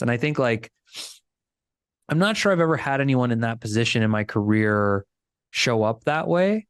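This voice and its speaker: Man, podcast guest, lively anecdotes, dry sound. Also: medium pitch, moderate pace, pauses often, smooth, dry recording. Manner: animated storyteller, acts out quoted voices. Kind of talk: casual storytelling interview.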